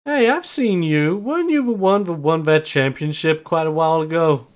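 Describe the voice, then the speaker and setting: A man voicing a cocky, brash male pro wrestler who loudly taunts and mocks others. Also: fairly high pitch, animated, moderate pace, voice pushed up, close to an everyday voice. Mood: taunting. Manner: loud, taunting, laughing.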